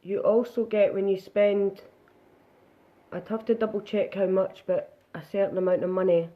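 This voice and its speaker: A woman talks her viewers through her makeup live, narrating each step as she goes. Her voice sits at an ordinary pitch. The stream audio is dull and lo-fi. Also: flat delivery, moderate pace. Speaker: makeup demonstrator. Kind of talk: casual live makeup demo.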